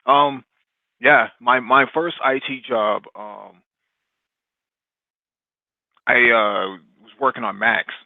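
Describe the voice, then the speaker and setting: A man's voice: mid-range voice, fairly even intonation, gravelly, dry recording. A man chatting casually on a podcast, hesitating often and restarting his sentences as he tells a story. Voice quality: halting, many fillers and restarts. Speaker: podcast guest. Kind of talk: casual chat. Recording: thin phone-like sound.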